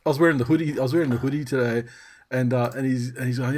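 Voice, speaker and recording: A man's voice: mid-range voice, fairly even intonation, racing, darkish tone, a little hiss or hum. A middle-aged man co-hosting a podcast, chatting casually in a rambling, self-interrupting way, swearing freely and laughing often. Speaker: podcast co-host.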